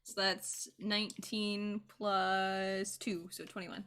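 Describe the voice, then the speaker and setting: A woman's voice: medium pitch, takes it slowly, background noise. A woman playing a tabletop role-playing game, chatting casually, laughing a lot and swearing freely. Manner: giggly, animated, swears freely. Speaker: player.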